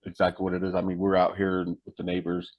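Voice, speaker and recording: A man's voice: deep voice, monotone, quick pace, no echo, lo-fi sound. A man, a hunting guide and tracker, talking as an interview guest in a blunt, emphatic, slangy way that includes some swearing. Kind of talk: casual conversation.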